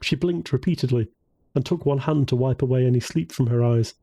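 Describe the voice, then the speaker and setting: Mellow, husky male audiobook narrator. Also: medium pitch, fairly quick, no echo. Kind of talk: scripted narration.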